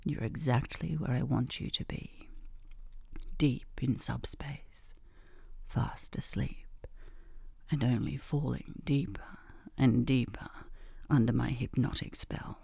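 A woman in a whispered role-play, speaking in a breathy whisper with a slow, commanding, teasing manner. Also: a bass voice, fairly even intonation, darkish tone, dry recording, clean studio sound. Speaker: hypnosis role-play performer.

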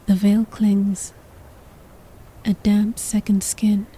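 A woman's voice: mid-range voice, flat delivery, drawn-out words, mellow, slightly rough, rough recording. A woman narrating a sensual story in the second person, in a whispered role-play.

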